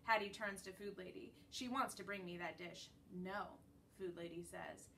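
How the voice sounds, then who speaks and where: A woman teacher gently reading a children's book chapter aloud to her class. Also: fairly low pitch, normal speed. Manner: gentle, storytelling read-aloud. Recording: distant mic with faint background noise.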